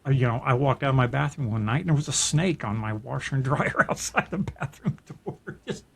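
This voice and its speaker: Middle-aged male podcast host, earnest and reflective, mid-pitched, casual storytelling. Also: quick pace, creaky, a bit bright. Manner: earnest and reflective, with frequent restarts. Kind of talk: personal storytelling in casual chat.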